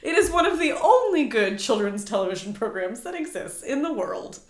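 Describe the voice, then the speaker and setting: Lively woman in her thirties, echoey room. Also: fairly high pitch, normal speed. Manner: lively and emphatic, acts out what people say. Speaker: podcast co-host. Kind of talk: casual chat.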